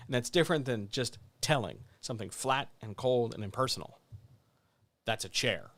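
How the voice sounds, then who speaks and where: A man's voice: medium pitch, animated, normal speed, dry recording. A man hosting a casual writing chat, teaching with blunt, wry emphasis and lots of repetition. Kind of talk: casual instructional talk.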